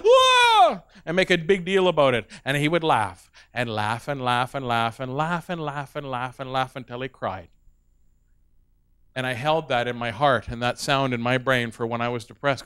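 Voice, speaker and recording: A man doing a stand-up comedy set, an animated storyteller who laughs at his own jokes. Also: mid-range voice, clean tone.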